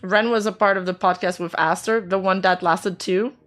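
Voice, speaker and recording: A woman's voice: medium pitch, fairly even intonation, moderate pace, soft background music. A woman streamer chatting casually as she reacts to news, laughing often and speaking bluntly. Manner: laughs often, counts under her breath, blunt and sweary. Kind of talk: casual live-stream chat.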